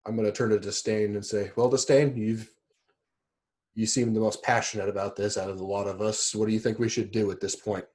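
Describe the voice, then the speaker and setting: A man's voice: lowish voice, little pitch movement, a little fast, darkish tone. A man playing a tabletop role-playing game, asking questions and reasoning aloud. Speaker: player.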